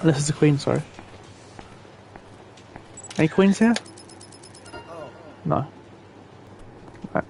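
This is a young man doing let's play commentary. His voice sits a little high and comes through with clear game sounds behind it. He rants, swears and barks orders at the on-screen characters in exasperation. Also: lively intonation, slow pace, pauses often, noisy background. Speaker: gamer.

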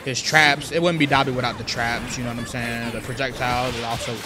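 A gaming YouTuber gives playful commentary as he plays, trash-talking his opponents over video game music. His medium-pitched voice moves at a quick pace with fairly even intonation.

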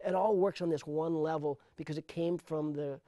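Middle-aged male sound designer, animated interview storyteller, a bit high-voiced, close and dry. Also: normal speed, no room sound. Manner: animated storyteller, repeats words when starting thoughts. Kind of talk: interview conversation.

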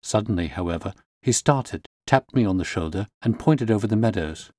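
A man reading a classic detective story aloud in a measured, calm narration. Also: fairly low pitch, dry recording.

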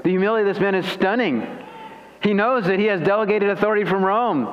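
A male pastor preaching an expository sermon, swinging between raised emphasis and hushed, pleading tones. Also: fast talker, muffled recording. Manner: expository preaching with dramatized quotes, pitch swinging high and low. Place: church sanctuary.

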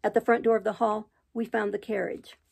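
A woman reads a classic novel aloud in a plain, homespun way. Her voice has a noticeable creak and fry running through it. Now and then she trips over a phrase and starts it again. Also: mid-range voice, flat delivery, a little fast, a little mellow. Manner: unpolished reading with occasional restarts. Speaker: audiobook reader.

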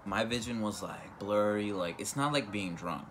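A man's voice: on the low side, moderate pace, fairly bright tone, faint music behind. A young man telling a casual storytime vlog, rambling with many fillers and restarts. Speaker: vlogger.

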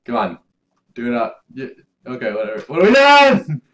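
A man doing video game commentary, yelling and cursing at the game as he plays. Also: medium pitch, expressive, a little fast. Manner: yells and curses at the game. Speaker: gameplay commentator.

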